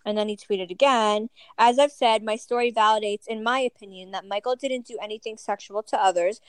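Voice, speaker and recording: A woman's voice: medium pitch, fairly even intonation, brisk, clean tone, dry recording. A woman co-hosting a podcast, chatting breezily and sassily about celebrity news. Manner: breezy, sassy gossip. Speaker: podcast co-host. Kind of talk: casual gossip chat.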